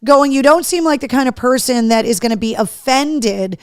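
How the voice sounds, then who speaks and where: A middle-aged woman hosts a live home-studio show in loose, casual chat, reading out viewers' comments as they come in. Her voice sits a little high, and the sound is dry and close to the mic. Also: normal speed, clear, resonant tone, no echo. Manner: chatty, reads viewer comments aloud. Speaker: host.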